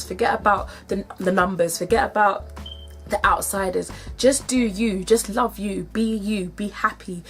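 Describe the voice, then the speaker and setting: A woman from the UK talking straight to her viewers in a vlog, emphatic and emotional, repeating herself for effect. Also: mid-range voice. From United Kingdom. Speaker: vlogger. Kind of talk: direct-to-camera vlog.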